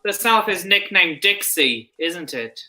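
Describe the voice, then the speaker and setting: A woman's voice: fairly low pitch, lively intonation, a little slow, a loud crowd. A woman on a casual call-in show, curious and full of questions.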